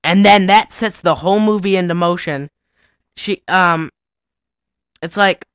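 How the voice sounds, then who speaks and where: A woman's voice: a little slow, pauses often, smooth, no room sound, clean studio sound. A young woman co-hosting a podcast, recapping a movie in a rambling, giggly chat. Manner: rambling, giggly, sings snatches in falsetto. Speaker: podcast co-host.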